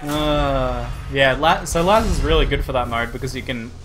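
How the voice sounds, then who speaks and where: An Australian man giving live gameplay commentary, excitable and quick to laugh and swear. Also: mid-range voice, faint music behind. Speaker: streamer.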